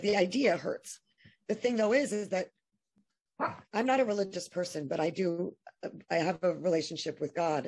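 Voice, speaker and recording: A woman guest in an interview, talking emotionally with many restarts and halting phrases. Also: lowish voice, a little mellow, slightly rough. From New York. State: tearful at times. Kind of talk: impassioned conversational interview.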